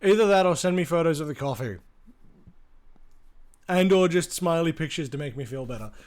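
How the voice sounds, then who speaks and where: A man's voice: on the high side, expressive, moderate pace, darkish tone. A man, chatting casually with his live-stream audience, swearing freely and greeting viewers by name, tired from little sleep. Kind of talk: casual gaming stream chat. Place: home room with a large bookshelf.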